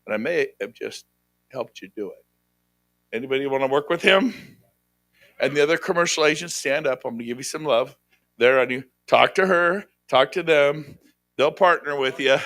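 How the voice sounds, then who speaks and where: High-energy man working a seminar crowd. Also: normal speed, fairly bright tone, no room sound. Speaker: seminar speaker. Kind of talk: motivational sales seminar talk. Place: hotel conference room.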